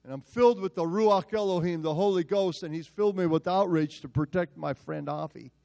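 A male pastor telling a story in a sermon, animated and self-mocking. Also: high voice, fairly quick, creaky.

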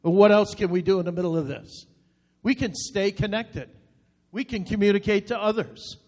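Brief: male pastor, high voice, earnest sermon delivery with repeated short appeals, long reverb on the voice. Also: normal speed, darkish tone.

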